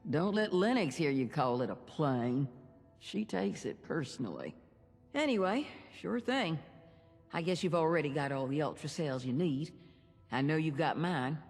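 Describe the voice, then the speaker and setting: An actress playing a wry wasteland survivor in a video game, with a gravelly voice and dry remarks. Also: female voice, deep voice, sing-song, normal speed, a little mellow, big-room sound, faint music behind, full character voice. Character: dry, wry female pilot's friend in a wasteland. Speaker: game character.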